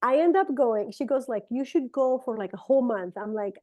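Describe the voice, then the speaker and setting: A middle-aged woman whose first language is Spanish tells a long personal story in casual, animated talk. Her voice sits a little high but has a mellow, warm tone. She leaps up into bright, excited tones when acting out what people said. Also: fairly quick, few pauses, dull audio. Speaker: speaker sharing a testimony.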